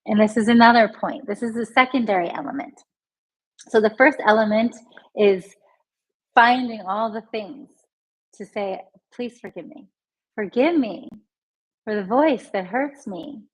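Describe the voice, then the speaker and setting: Breathy woman coaching emotional healing. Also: a little high, rough recording. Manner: gentle, repeats healing phrases slowly; talks straight to viewers, reads their comments aloud. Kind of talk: live online healing lesson.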